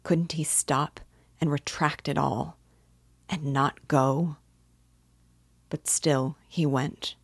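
Lady teacher reading a book aloud, low voice, steady and measured. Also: gravelly, slightly rough, no echo. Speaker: literature teacher.

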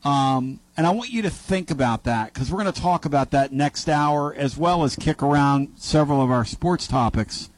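A male sports talk radio host spins a loose, rambling story full of asides and corrections. His voice sits a bit higher than most men's, and it is recorded dry and close on a studio mic. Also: normal speed, few pauses, dry recording, rough recording. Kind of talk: casual storytelling monologue.

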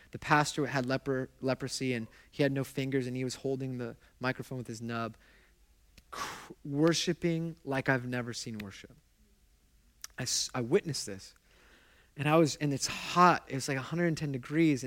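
A man's voice: mid-range voice, a bit bright. Impassioned male pastor preaching. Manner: conversational, engages the congregation with questions; impassioned storytelling. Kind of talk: sermon.

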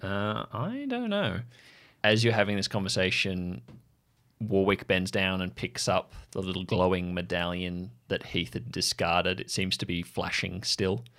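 A man narrating a tabletop game as game master, telling the action in a vivid, lively way. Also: low voice, normal speed. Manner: vivid, lively storytelling with fillers.

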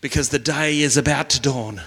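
A man's voice: mid-range voice, normal speed, sharp tone, in a large hall. A man preaching as pastor, reading scripture and leading his congregation in earnest call and response. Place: church hall.

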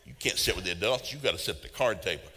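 A male preacher with a bright, ringing voice tells his sermon as folksy stories full of humor. His words roll out into a long echo across a large hall. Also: sits low, animated, racing, slight background noise. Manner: folksy, humorous storytelling with laughs.

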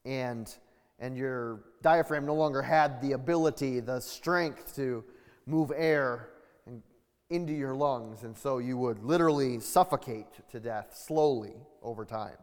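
Casting: male preacher, measured sermon delivery, slow, lingering hall reverb. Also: mid-range voice. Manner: deliberate, measured teaching with repeated words and restarts. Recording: long reverb of a large hall.

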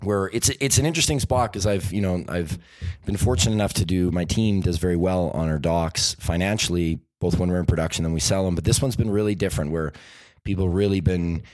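Deep-voiced fast-talking man storyteller. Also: no echo. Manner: animated storyteller acting out voices in quotes. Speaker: documentary filmmaker guest. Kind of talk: podcast interview storytelling.

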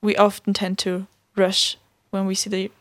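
A woman's voice: medium pitch, completely flat delivery, moderate pace. A woman hosting a casual chat show, upbeat and asking questions with frequent ums. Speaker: podcast host.

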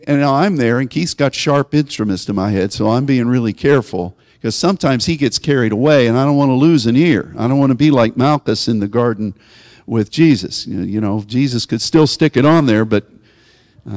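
A man's voice: a little high, expressive, normal speed, a little mellow, clean studio sound. A man preaching a sermon as a pastor, shifting from conversational storytelling to emphatic exhortation. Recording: long hall reverb.

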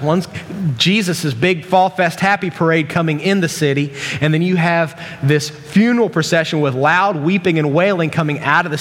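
Joking pastor preaching in a reverberant hall. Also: male voice, on the high side, fairly bright tone. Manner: casual, joking asides with many restarts. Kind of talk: sermon. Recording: long reverb from a large hall.

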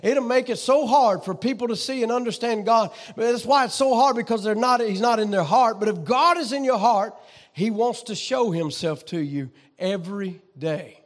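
A man preaching a sermon, fervent and folksy, building up to shouting with repeated phrases. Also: high-pitched, moderate pace.

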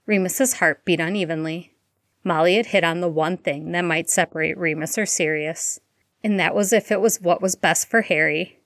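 A woman reading a fan-fiction story aloud in a steady, even storytelling manner. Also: on the low side, moderate pace, no room sound, studio quality. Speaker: audiobook reader.

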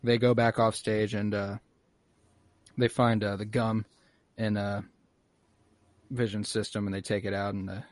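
A man's voice: on the low side, unhurried, pauses often, no room sound. Profane man recapping an episode. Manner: profane, animated retelling with quoted voices. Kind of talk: casual recap chat.

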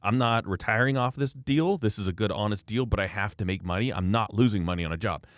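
Blunt, emphatic man with a lower voice. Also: fast talker, dry recording, studio quality. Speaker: podcast host, former project manager. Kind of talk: casual podcast chat.

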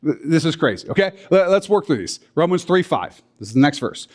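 Male pastor, animated and emphatic, slightly high voice, walks listeners through scripture with blunt remarks. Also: brisk. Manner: lively, emphatic teaching with blunt asides. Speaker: pastor teaching a Bible study. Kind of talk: sermon.

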